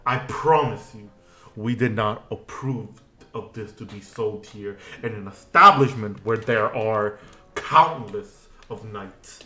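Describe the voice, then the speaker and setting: A man's voice: lowish voice, slow, bright, forceful tone, exaggerated voice. A man voicing a male tavern owner who gushes and stammers, recorded in an echoey room. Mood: nervous. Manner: effusive, stammering. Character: male tavern owner, jovial then nervous.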